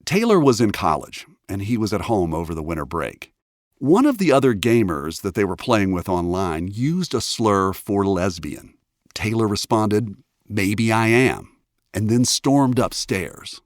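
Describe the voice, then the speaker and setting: A man hosting a radio documentary podcast, delivering measured scripted narration. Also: fairly low pitch, very animated, no room sound, studio quality. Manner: measured narration, reacting warmly in conversation. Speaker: podcast host.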